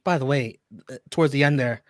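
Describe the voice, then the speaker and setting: A man's voice: medium pitch, fast, no room sound. A man hosting a casual podcast, recapping matches and laughing often. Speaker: podcast host reviewing wrestling.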